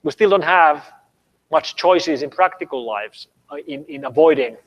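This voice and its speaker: Finnish man, high voice, sarcastic panelist, hall reverb. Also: lively intonation, normal speed. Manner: sarcastic, emphatic, repeats points. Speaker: panelist answering audience questions. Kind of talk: university public lecture Q&A. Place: lecture hall. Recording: long reverb of a lecture hall.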